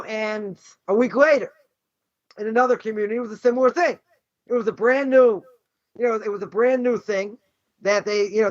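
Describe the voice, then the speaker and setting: High-voiced rabbi. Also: male voice, a bit bright, no echo. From Boston. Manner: emphatic, rhetorical questions, frequent "right?" and "you know". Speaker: rabbi teaching a class. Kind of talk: animated Torah lesson. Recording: dull lo-fi dry recording.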